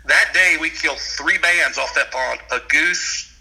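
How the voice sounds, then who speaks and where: A man's voice: fairly high pitch, measured pace, creaky, sharp tone, rough recording. A man telling hunting stories in a casual, folksy way with rural grammar, often laughing. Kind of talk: casual storytelling.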